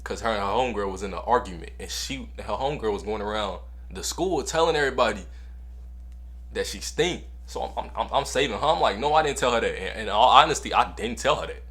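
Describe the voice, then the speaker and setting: A young man casually telling a story to camera in a slangy, animated way, repeating lines for effect. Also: fairly low pitch, quick pace. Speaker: storytime vlogger.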